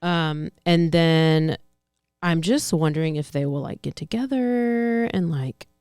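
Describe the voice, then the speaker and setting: Woman podcast host rambling through crime news, smooth clear voice, dry sound. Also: sits low, slow, a little mellow, dry recording. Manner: chatty, rambling, self-correcting storyteller. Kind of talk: casual true-crime news chat.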